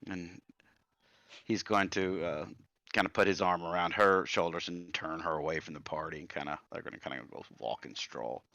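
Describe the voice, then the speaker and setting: A man's voice: low voice, normal speed, vocal fry, bright, forceful tone, no echo, dull audio. A man narrating a tabletop game as game master, describing actions casually.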